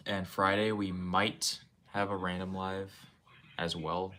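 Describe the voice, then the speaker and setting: A man's voice: sits low, little pitch movement, unhurried, bright, forceful tone, slight background noise. A young man streaming from his room at home, rambling casually and talking to his chat in a laid-back way. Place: home room with game shelves.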